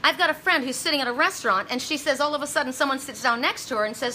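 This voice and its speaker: High bright-voiced woman medium, rambling. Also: racing, hardly any pauses, a little hiss or hum. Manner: intense, rambling, many restarts; dramatic retelling with voiced quotes. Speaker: psychic medium. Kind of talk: emotional monologue to viewers.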